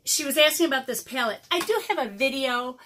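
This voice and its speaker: A woman's voice: high-pitched, animated, a little fast, a bit bright, a little hiss or hum. Chatty, slightly breathless woman vlogger. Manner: rambling, chatty, self-interrupting with ums. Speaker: watercolor artist vlogger. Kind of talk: casual chatty unboxing.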